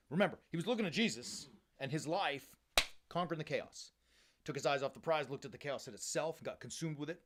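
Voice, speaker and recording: Energetic, conversational male priest preaching. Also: on the high side. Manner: energetic and conversational, keeps checking in with "right?"; uses casual slang like "bro" and "baby". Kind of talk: sermon.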